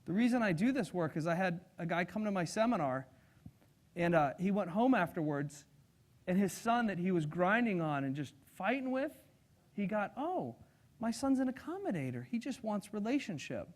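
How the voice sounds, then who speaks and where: Male sales trainer, high-pitched and lively, working a seminar crowd. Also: moderate pace. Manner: energetic, audience-engaging, acts out personality types. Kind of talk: live seminar talk. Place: seminar room with audience.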